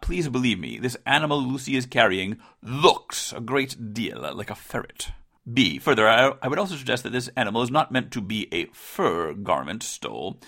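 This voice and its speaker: A man's voice: mid-range voice, fairly bright tone. A man voicing a woman fan who earnestly argues a quirky theory, in a put-on bad British accent. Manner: earnest, rambling, self-aware. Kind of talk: mock recreation reading.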